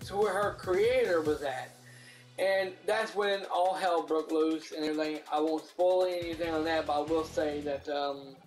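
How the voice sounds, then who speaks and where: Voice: medium pitch, steady tone, normal speed. A movie reviewer recapping a film in casual, profane speech, full of restarts and acted-out character lines. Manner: rambling, profane retelling with many restarts; acts out characters' lines in a raised voice. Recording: roomy echo, faint music behind.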